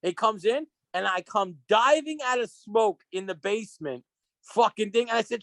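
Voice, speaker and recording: A man as a podcast guest, telling stories in an excitable, rambling way, full of restarts and acted-out quotes. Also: high voice, moderate pace, creaky, no echo. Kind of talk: casual storytelling chat. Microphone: podcast microphone.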